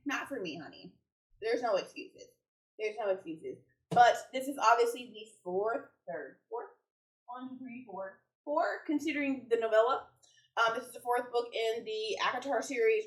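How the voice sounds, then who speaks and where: Chatty woman talking to a distant camera. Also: on the high side. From United States. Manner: chatty, rambling, enthusiastic, self-correcting. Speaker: book vlogger. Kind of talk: casual chat to camera. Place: home room with bookshelves. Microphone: camera a little way off. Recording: roomy sound from a distant mic.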